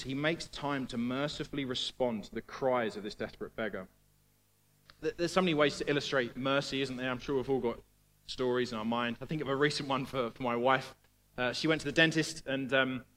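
Man, missionary preacher, higher-pitched, earnest, repeats words, tag questions, long reverb of a large hall. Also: a bit bright. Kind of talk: conversational sermon.

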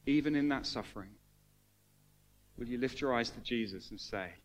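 A man preaching a sermon to a congregation, earnest and emotional, building to fervent emphasis and then falling quiet. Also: medium pitch, moderate pace. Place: church hall with congregation.

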